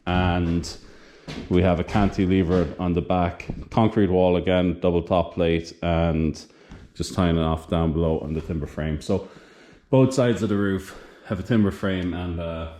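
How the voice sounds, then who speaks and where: A man's voice: sits low, fairly even intonation, unhurried, dark tone, a little hiss or hum. A man filming his farmhouse renovation, tired and out of breath, rambling and correcting himself as he talks to the camera while working. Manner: rambling, self-correcting, plain-spoken. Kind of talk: casual work commentary to camera. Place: building site, partly on a roof outdoors.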